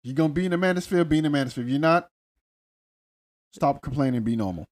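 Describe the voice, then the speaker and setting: A man's voice: on the high side, expressive, fast. A man co-hosting a podcast, recapping reality TV in laid-back, argumentative casual chat. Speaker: podcast co-host.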